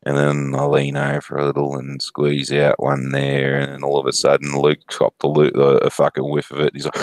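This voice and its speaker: A man's voice: rumbling low, completely flat delivery, normal speed, few pauses, darkish tone, no room sound. A man in his thirties with an Australian accent, telling profane, laughing stories on a casual stream. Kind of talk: casual storytelling.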